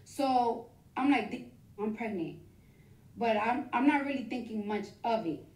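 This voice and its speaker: A woman casually telling a personal story, rambling and rapid, with many restarts and the odd curse. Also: a little high, lively intonation, a little mellow. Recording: echoey, from far off the mic.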